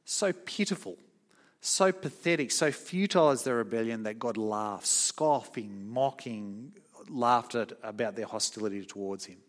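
A middle-aged man preaching a sermon, earnest and emphatic, slowing down on key points. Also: mid-range voice.

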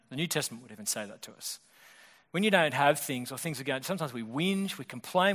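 A male pastor preaching a sermon in a fast, conversational way, often restarting his sentences. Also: fairly high pitch, a bit bright. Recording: long hall reverb.

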